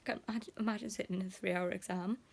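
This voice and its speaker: Creaky-voiced young woman vlogging. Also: medium pitch, steady tone, fast talker, a little mellow. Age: young adult. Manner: emotional, rambling, full of "like" fillers; drops into half-whispered asides. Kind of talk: casual confessional vlog.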